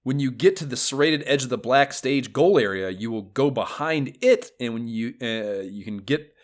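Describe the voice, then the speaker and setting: A man co-hosting a podcast, chatting casually about retro video games, excitable, swearing freely and laughing often. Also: mid-range voice, moderate pace. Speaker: podcast co-host.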